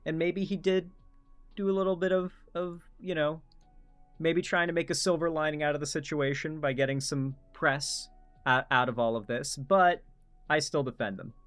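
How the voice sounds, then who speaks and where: A man's voice: a little high, fairly even intonation, normal speed, fairly bright tone, smooth, soft background music. A man hosting a casual reaction commentary, blunt and swearing, rambling with restarts. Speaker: commentary host.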